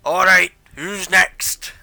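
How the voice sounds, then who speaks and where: A brash male fight-pit bookie, as a game master does him, barking at the crowd with a raised voice. He sounds bright and hard-edged. His talk is brusque and dismissive. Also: mid-range voice, unhurried.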